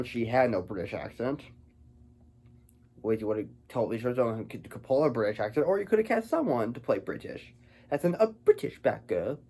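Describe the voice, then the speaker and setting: A man's voice: mid-range voice, a little mellow. A man giving a casual film review, rambling and stumbling over his words.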